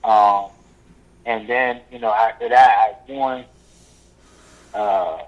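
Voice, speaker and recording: A man's voice: fairly low pitch, fairly even intonation. Rambling man on muffled lo-fi audio. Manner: rambling, halting, many fillers, acts out others' lines. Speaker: guest. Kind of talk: casual storytelling interview.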